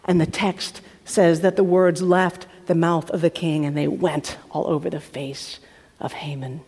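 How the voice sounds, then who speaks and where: A woman preacher retelling a story in a lively sermon, acting out the characters and dropping to a hush at tense moments. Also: low-pitched, unhurried, slightly rough. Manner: acts out the characters with shifting voices, drops to hushed tones. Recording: hall reverb from a live talk.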